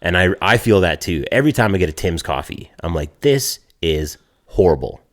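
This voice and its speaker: Deep-voiced man ranting casually. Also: animated, fast, a bit bright. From Canada. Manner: profane, ranting storyteller. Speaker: podcast co-host. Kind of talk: casual podcast chat.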